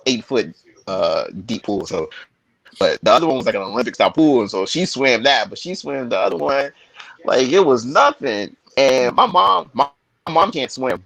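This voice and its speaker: Animated dad telling a story. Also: male voice, medium pitch, moderate pace, creaky, no room sound, muffled recording. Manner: animated, acts out voices in his story. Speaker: guest father. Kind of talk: casual storytelling on a video call. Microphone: video call.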